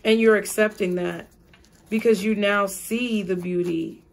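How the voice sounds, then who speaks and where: Tarot reader, woman; slow, measured delivery, repeating spiritual phrases. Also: medium pitch, fairly even intonation, gravelly. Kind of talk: tarot reading for viewers.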